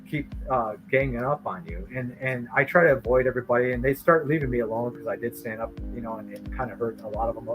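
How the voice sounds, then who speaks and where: Middle-aged male storyteller, mid-pitched, rambling and animated, music bed behind. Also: quick pace, few pauses, poor audio. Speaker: artist streamer telling a story. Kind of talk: casual storytelling chat.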